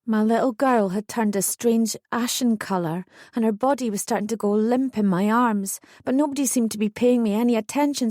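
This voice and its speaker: A woman's voice: a little high, moderate pace, few pauses, darkish tone, no echo, clean studio sound. A woman narrating a first-person true story audiobook with feeling. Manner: emotional memoir reading, acting out quotes.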